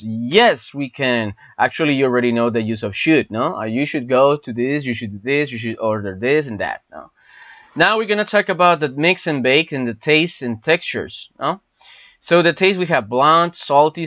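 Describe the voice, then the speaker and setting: A man whose first language is Spanish teaches an English class online, going over words and phrases slowly and repeating them. His voice sits at a middle pitch and comes across dry, with a slightly dull, lo-fi sound. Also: a bit bright, no echo.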